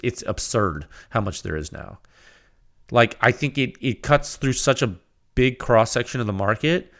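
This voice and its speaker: A man hosting a casual solo podcast, rambling and animated, with frequent restarts, laughs and acted-out quoted exchanges. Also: medium pitch. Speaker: podcast host.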